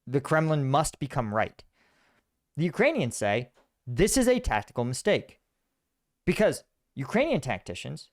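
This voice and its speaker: Male commentator, slightly high voice, lively delivery, dry close sound. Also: dry recording. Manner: animated, acts out quoted voices. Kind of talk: casual analysis monologue.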